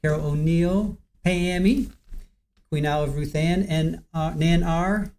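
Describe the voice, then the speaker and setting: This is a livestream host in casual chat, easygoing and chatty, working through viewer names one after another. The voice is mellow and dark, sitting at a middle pitch. The delivery is relaxed and unhurried.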